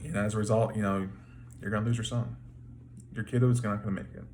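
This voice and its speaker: A man's voice: on the low side, flat delivery, fast talker, a little mellow, slight background noise, close to an everyday voice. A man voicing an ancient prophet in a Bible retelling, delivering bad news bluntly and casually.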